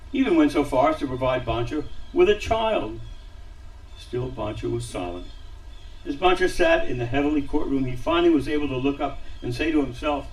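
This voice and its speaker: A man reading a story aloud at a synagogue service, dramatic, dropping to a hush on quiet lines. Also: medium pitch, distant mic, poor audio. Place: synagogue sanctuary.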